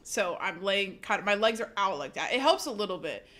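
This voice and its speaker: A woman streamer chatting casually with her viewers, animated, laughing often and swearing freely. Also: medium pitch. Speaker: live streamer.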